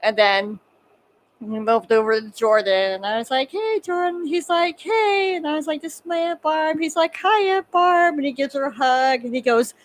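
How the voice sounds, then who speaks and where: Woman, fairly high voice, casual podcast chat, animated storytelling, acts out quotes. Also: moderate pace, low-quality recording.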